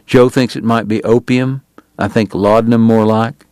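A man's voice: mid-range voice, steady tone, moderate pace, a little mellow, dry recording, lightly acted. Man playing a wary, reserved older brother.

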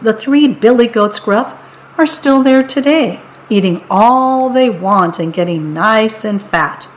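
A woman reading picture books aloud in a playful, unhurried storytelling manner. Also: a little high, expressive, slight background noise, poor audio.

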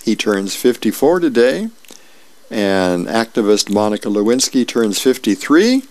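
A middle-aged man volunteering as a reader, reading newspaper comics and celebrity birthdays aloud in a friendly, unhurried way with small asides. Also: mid-range voice.

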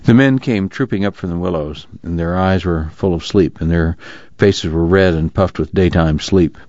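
Deep-voiced man narrating a novel. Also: normal speed, a little mellow, dry recording, dull audio. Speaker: audiobook narrator. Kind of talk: scripted narration.

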